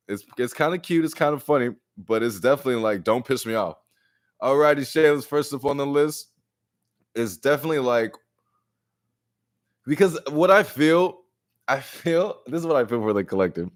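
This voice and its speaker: A man hosting a live collective tarot reading with an easy, joking delivery. He leans on slang and profanity. He sits at a middling pitch but keeps breaking into loud, high bursts as he acts out little back-and-forths. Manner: animated and profane, acts out exchanges with big jumps in pitch and loudness. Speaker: tarot reader.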